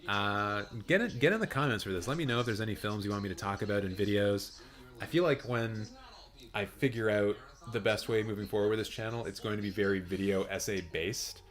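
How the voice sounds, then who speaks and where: Man, low, raspy and hoarse, casual rambling live-stream host, good mic. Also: a little fast, a bit bright. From Canada. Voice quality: deep and raspy. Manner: chatty, rambling, with fillers and restarts. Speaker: film channel live streamer. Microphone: good studio mic.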